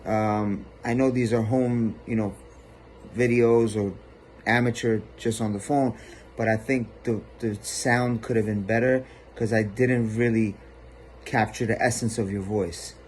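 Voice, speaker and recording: Male judge, relaxed critique with lots of "uh", low voice. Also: measured pace, slight background noise. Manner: relaxed, filler-heavy critique. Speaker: talent show judge. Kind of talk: judge feedback.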